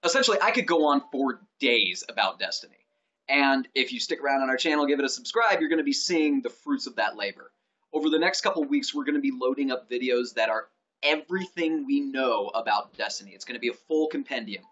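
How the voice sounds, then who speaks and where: A man co-hosting a gaming channel, chatting excitedly about an upcoming game and promoting the channel's videos. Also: fast. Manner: excited, pitching the channel, stumbling restarts. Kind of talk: casual game news chat. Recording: dull lo-fi sound.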